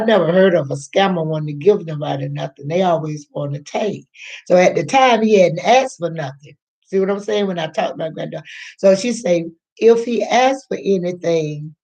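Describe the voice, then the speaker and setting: An older woman, a grandmother, tells a personal story to the camera in a lowish, darkish voice. She speaks slowly and chattily, rambling, repeating herself, and acting out the voices of the people she quotes.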